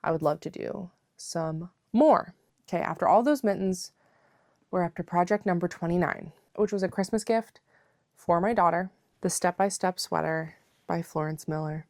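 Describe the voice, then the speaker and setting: Chatty woman vlogger, low voice, dry sound. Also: moderate pace, a little mellow, dry recording. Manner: chatty, rambling, lots of "like" fillers; playful, calls viewers besties. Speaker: knitting vlogger. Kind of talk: casual chat. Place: at home.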